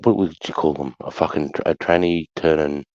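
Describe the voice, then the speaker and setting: A man's voice: extremely low pitch, brisk, a little mellow, no echo. A middle-aged Australian man telling stories in casual chat, blunt and sweary. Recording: dull lo-fi sound.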